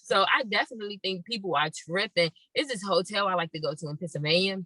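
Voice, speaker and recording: A woman's voice: medium pitch, fast talker, sharp tone, no room sound, rough recording. A woman co-hosting a podcast, ranting bluntly and profanely in casual chat. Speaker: podcast co-host.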